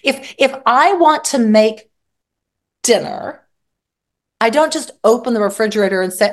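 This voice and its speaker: A woman therapist speaking as an interview guest, expressive and acting out her examples vividly. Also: fairly high pitch, unhurried, pauses often. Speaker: psychotherapist guest. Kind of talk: interview conversation.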